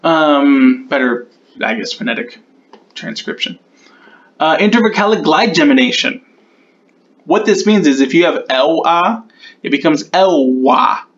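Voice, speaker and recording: A man's voice: a little high, expressive, a little slow, pauses often, lo-fi sound. A man casually walking through the sound-change rules he made up, thinking aloud and correcting himself as he goes. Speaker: conlang creator explaining sound changes. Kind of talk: casual explanatory walkthrough.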